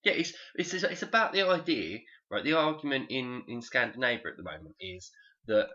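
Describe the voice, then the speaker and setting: Rambling, animated sweary man. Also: medium pitch, moderate pace, highs cut off. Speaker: podcast host. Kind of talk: casual chat.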